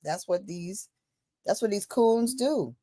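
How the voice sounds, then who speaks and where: A woman in a casual discussion, telling a story in an animated way and acting out the dialogue. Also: mid-range voice, slow, no room sound, clean studio sound.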